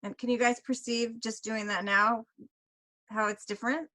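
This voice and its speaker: A woman co-hosts a casual podcast in a bright, slightly high voice. She chats loosely, full of fillers, and laughs easily. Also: flat delivery, moderate pace, low-quality recording. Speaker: podcast co-host. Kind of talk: casual chat.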